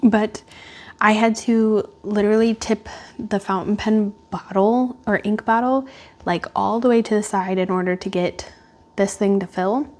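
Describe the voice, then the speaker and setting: Home vlogger, woman; unhurried, chatty and rambling, lots of fillers. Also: mid-range voice, steady tone, a little mellow. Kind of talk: casual chat. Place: at home indoors by a glass door.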